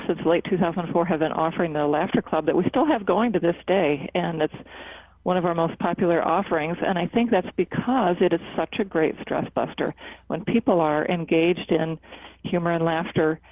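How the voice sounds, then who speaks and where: A psychotherapist who leads a laughter club at a cancer center, answering interview questions in an earnest, measured way with frequent fillers and restarts. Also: mid-range voice, no echo. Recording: tinny phone-like line, dry.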